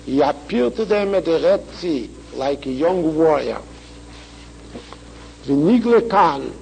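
Gravelly, high-voiced man teaching scripture. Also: mellow, slight background noise, poor audio. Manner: chants Hebrew quickly, then explains slowly with repetitions. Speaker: Torah teacher. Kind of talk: Talmudic lecture with text reading.

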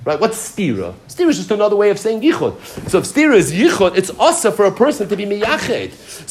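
A man giving a Talmud class, his pitch rising and falling with lively emphasis. His voice sits a little higher than most men's. He moves between the text and a plain English explanation. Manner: animated, mixes Aramaic and Hebrew terms into English explanation. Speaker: Talmud teacher.

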